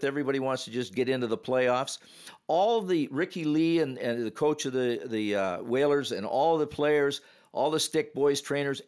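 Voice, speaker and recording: Man, former referee, storytelling on a podcast, animated, acts out the quotes, mid pitch.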